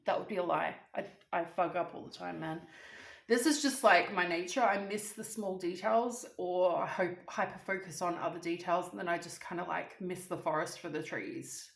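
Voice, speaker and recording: A woman telling a story vlog-style in a chatty, animated, casually swearing way. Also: fairly low pitch, moderate pace, vocal fry, reverberant. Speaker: vlogger.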